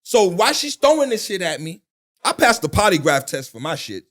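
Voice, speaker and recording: In a high voice and at a brisk clip, a middle-aged man shares a story as a guest in an informal interview. He uses colorful, profane street language and imitates the voices of the people involved.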